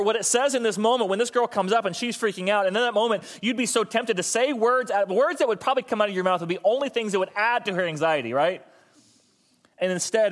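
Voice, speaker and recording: A man pastor giving a casual, animated sermon, talking to his audience and asking them questions. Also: sits high.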